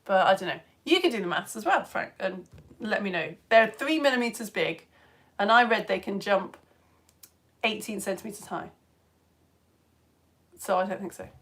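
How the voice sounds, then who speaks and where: A middle-aged woman from the UK with a cough and cold, chatting casually as she hosts a live children's science show and reads out viewer comments, giggly and at times dropping to soft asides. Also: mid-range voice, lively intonation, normal speed, long pauses. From United Kingdom. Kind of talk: casual live-stream chat reading comments. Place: at home on the sofa.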